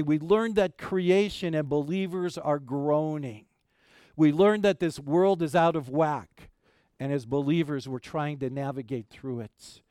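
A man preaching a sermon as pastor, swinging from loud emphasis to hushed asides and repeating key phrases. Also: on the high side, measured pace, clean tone, no echo, studio quality.

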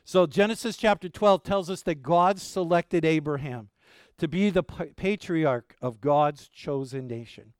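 Guy pastor telling a story in his sermon, kinda high voice, smooth and clear, dry close sound. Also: measured pace, no echo. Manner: animated storyteller, asks the congregation "okay?" and "right?".

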